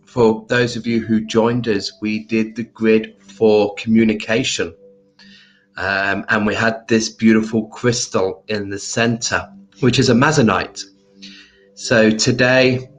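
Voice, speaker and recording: A man hosts a relaxed livestream, chatting with viewers as they join. He speaks at an unhurried pace and greets people by name. His speech is loose and hesitant, full of ums. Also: medium pitch. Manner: slow, hesitant with frequent ums. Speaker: crystal shop livestream host. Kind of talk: casual livestream chat.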